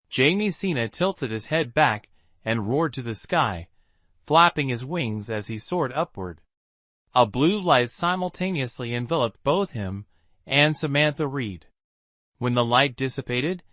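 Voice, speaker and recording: A man narrating a story recap with a lively storytelling manner. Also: medium pitch, measured pace, no room sound.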